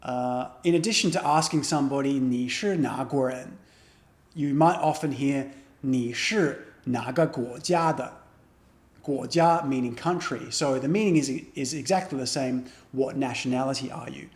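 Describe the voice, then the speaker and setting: A man teaching a beginner Chinese lesson, patiently explaining and modeling phrases slowly. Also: medium pitch. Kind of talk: spoken language lesson. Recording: echoey room.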